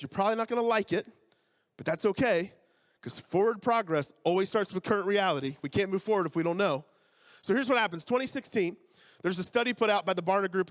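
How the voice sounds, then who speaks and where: Man pastor, high voice, casual joking sermon delivery. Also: fairly bright tone. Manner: conversational, joking asides, checks in with the congregation.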